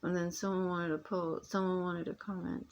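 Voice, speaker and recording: A woman's voice: on the low side, level tone, moderate pace, lo-fi sound. A woman talking straight to her phone in a rambling personal monologue, emphatic and full of restarts that trail off. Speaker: vlogger.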